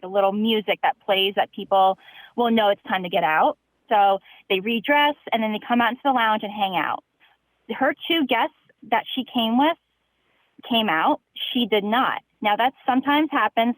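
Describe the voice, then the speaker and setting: A young woman calling in to a podcast, telling a long story in an animated, chatty way with plenty of fillers. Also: on the high side, no echo, rough recording. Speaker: caller. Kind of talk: casual storytelling.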